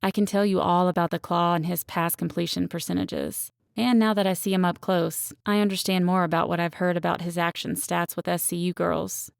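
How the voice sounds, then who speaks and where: A woman's voice: lowish voice, flat delivery, brisk, creaky, few pauses, smooth, no echo, clean studio sound. A woman narrating a first-person romance audiobook in a wry, self-aware storytelling manner.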